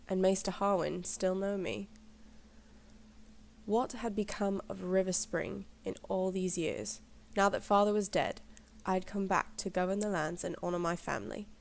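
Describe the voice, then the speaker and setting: Lady voicing a grim young lord, put-on accent, slow solemn storybook read. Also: mid-range voice, vocal fry, a little mellow, close to an everyday voice. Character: grim young male lord narrating his homecoming.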